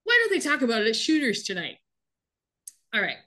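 Her voice sits fairly high and swoops wildly in pitch, with a sharp tone and slightly fast delivery. As co-host of a casual podcast, she animatedly recounts a TV episode and breaks into laughter often.

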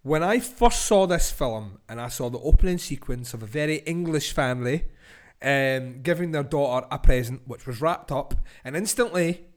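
A man hosting a podcast, cursing, laughing and building into loud film-review tirades. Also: mid-range voice, animated, moderate pace. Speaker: podcast host. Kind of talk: casual film-review rant.

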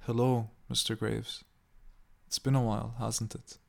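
A man's voice: medium pitch, level tone, creaky. Man putting on a cruel old woman. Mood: mock-polite. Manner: mock-sweet, then slow and screaming.

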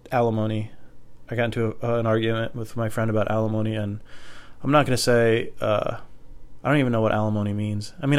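Young man, lowish voice, rambling laid-back storyteller, self-mocking, loud when acting out quotes. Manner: acts out quoted voices loudly. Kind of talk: casual storytelling.

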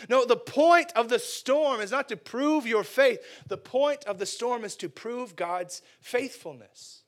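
A man preaches a sermon in a relaxed, conversational way. He jokes with his listeners and fills his talk with "like". His voice sits fairly high for a man. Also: measured pace, hardly any pauses. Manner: conversational, joking, says "like" often. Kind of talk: casual, humorous sermon.

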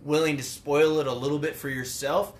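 A man's voice: a little high, steady tone, a little fast. A man co-hosting a casual podcast, rambling and laughing often, swearing casually. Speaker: podcast co-host.

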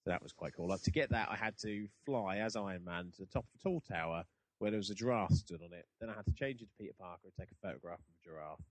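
A man's voice: sits low, fast talker, dry recording. A young man hosting a podcast, chatting and rambling in a self-deprecating way. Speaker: podcast host. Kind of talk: casual chat.

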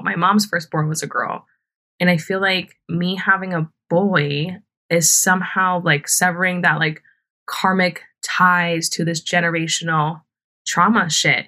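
This young podcast host's voice is on the low side, pushed and bright. She chats casually through a personal story, swearing freely, laughing a lot and using plenty of fillers.

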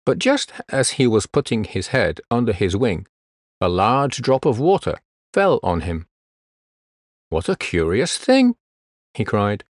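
A man reads a storybook tale aloud at a very unhurried pace. His low voice rises and falls a great deal, and the recording is close and dry. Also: sing-song, no room sound. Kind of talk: storybook narration.

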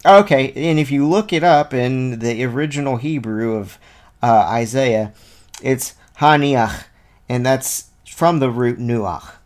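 A man at a medium pitch leads an informal scripture lesson. He reads passages aloud and then explains them in a loose, conversational way. He drifts through side remarks and thinks out loud as he goes. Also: takes it slowly. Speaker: Bible teacher. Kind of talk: informal Bible study teaching.

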